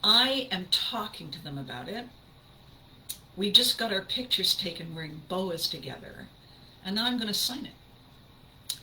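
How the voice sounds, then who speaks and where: A woman's voice: mid-range voice, lively intonation, measured pace, pauses often, pushed and bright, slight background noise, poor audio. An older woman, a voice actress hosting her podcast, telling stories in an enthusiastic, emphatic casual monologue.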